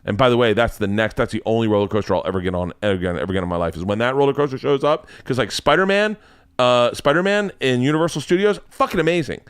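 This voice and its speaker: A comedian in his forties telling a rambling story in a casual, excitable, profane way. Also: medium pitch, fast, smooth, dry recording.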